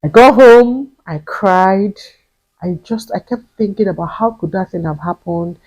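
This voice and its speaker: A young woman with a Nigerian accent tells a storytime vlog, her voice slightly husky and mid-pitched. She talks in an animated way, repeating phrases for emphasis and dropping into pidgin. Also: unhurried, poor audio. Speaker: vlogger.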